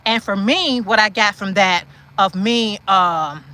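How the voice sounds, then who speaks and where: A woman's voice: medium pitch, slow, sharp tone. A woman hosting a walk-and-talk chat, who preaches encouragement, repeats lines for emphasis and answers viewer comments as she walks outdoors. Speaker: channel host. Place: outdoors, walking in a city.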